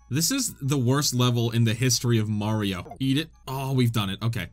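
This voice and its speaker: A young man giving excitable let's-play commentary, often yelping and shrieking in frustration. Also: medium pitch, normal speed, soft background music. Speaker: gaming video creator.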